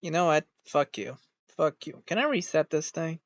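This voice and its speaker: A VTuber streamer chatting casually in a rambling way, swearing freely and getting irritated quickly. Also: mid-range voice, lively intonation, no room sound. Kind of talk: casual stream reaction chat. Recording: dull, dry home recording.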